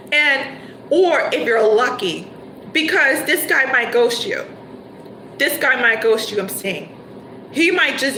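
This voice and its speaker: Bright-voiced woman reading tarot. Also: on the high side, roomy sound, slight background noise, poor audio. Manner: animated storytelling, acting out scenes. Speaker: tarot reader.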